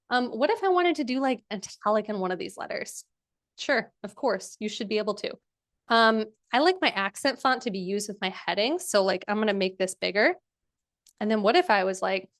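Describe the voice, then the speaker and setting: A woman's voice: a little high, animated, normal speed. A young woman hosting a live workshop, walking through a design tool in a chatty, enthusiastic way with many fillers. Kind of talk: casual live screen-share demo.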